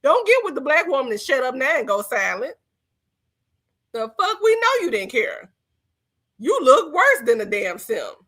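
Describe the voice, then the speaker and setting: Woman podcast co-host, high and very animated, blunt and mocking. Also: normal speed, pauses often. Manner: brash, profane, mocking. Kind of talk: casual podcast banter.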